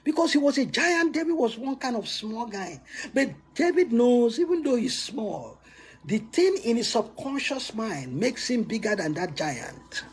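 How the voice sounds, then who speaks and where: A man giving a motivational talk with emphatic swoops in pitch, frequent restarts and laughs between points. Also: sing-song, a little slow, slight background noise. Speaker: motivational speaker.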